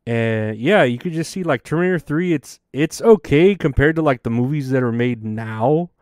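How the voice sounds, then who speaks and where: A man's voice: medium pitch, lively intonation, normal speed, a little mellow, no echo, studio quality. Rambling, profane male podcast host. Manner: rambling and profane, laughs often. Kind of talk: casual solo podcast rant.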